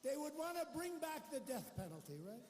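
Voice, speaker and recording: A man's voice: very high-pitched, sing-song, brisk, a little mellow, a little hiss or hum. A man giving a rambling, boastful rally speech with mocking asides to a large arena crowd. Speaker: political speaker at a campaign rally. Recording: echoey arena hall with faint crowd ambience.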